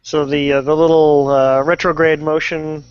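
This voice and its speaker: A man talking in a casual online hangout, relaxed and keen, with some fillers, over a video call. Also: on the high side, moderate pace, crowd noise. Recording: dry lo-fi video call audio.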